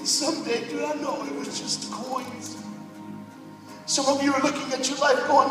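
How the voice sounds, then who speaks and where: High-voiced man preaching in echoey hall. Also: little pitch movement, moderate pace, far from the mic. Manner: builds from hushed storytelling to shouting preaching. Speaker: speaker at a youth event. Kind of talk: storytelling sermon. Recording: roomy live hall miked from afar. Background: music.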